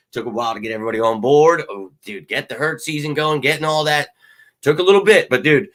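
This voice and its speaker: A man hosting a live fan show in casual chat, hyped and profane, his voice a little worn from shouting at a game. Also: fairly low pitch. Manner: hyped, rowdy and profane, swings loud. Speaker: sports fan show host.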